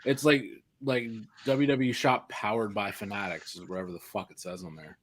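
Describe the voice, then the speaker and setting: A man's voice: on the low side, fairly even intonation, normal speed. A man co-hosting a casual podcast, exasperated and swearing freely. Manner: profane, exasperated. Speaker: podcast co-host.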